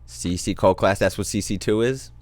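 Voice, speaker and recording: A man's voice: lowish voice, normal speed. A young man hosting a casual chat in a laid-back, slangy way, laughing easily. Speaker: host.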